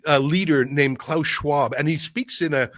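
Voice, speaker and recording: A man from Canada, a guest commentator, explaining politics in a rapid, insistent way. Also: on the high side, fairly bright tone, dry recording.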